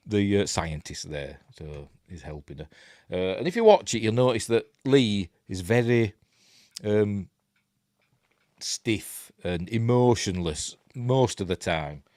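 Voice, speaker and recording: A man's voice: sits low, darkish tone, no echo, studio quality. A middle-aged man with a Yorkshire accent giving a casual watch-along film commentary, rambling with many fillers and muttered asides. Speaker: film reviewer.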